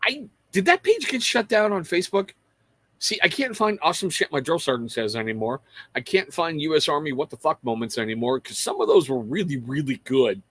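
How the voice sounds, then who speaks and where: A man's voice: a little high, expressive, fairly quick, a bit bright, breathy edge, no room sound. A middle-aged man hosting a livestream, chatting casually and rambling to viewers, calling out their names and swearing freely. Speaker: livestream host.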